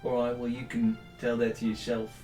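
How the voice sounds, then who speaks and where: A man's voice: mid-range voice, monotone, a little fast. A man with a Dutch accent playing a tabletop game, playful and teasing. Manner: playful, teasing, laughs often. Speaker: player. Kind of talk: casual tabletop role-play chat. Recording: echoey room, faint music.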